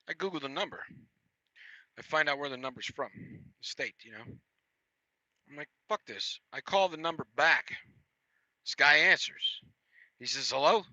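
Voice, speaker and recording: Trucker, thirties, male, swears freely, repeats himself; slightly higher pitch, muffled lo-fi sound. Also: bright, forceful tone, dry recording. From United States. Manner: blunt, profane, repeats himself. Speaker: truck driver vlogger. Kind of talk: casual storytelling rant.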